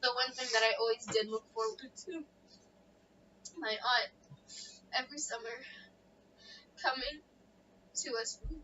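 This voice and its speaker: A woman's voice: a little high, unhurried, long pauses, sharp tone. A young woman chatting on a casual podcast with friends, giggly and teasing, turning emotional as she talks. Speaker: podcast co-host. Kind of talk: casual chat among friends. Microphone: laptop mic. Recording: muffled distant mic with background noise.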